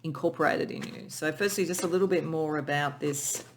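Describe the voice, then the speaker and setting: A tarot reader giving a pick-a-pile reading in an emotional, soft, spiritual way, often restarting sentences and at times near tears. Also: medium pitch, brisk, a little hiss or hum. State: tearful.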